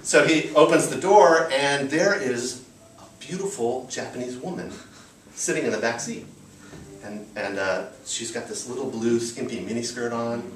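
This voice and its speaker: Onstage at a live storytelling show, an American man in his thirties recounts something personal in a casual, filler-laden way, his medium-pitched voice at normal speed. Slight background noise and the roomy sound of the venue come through the distant mic.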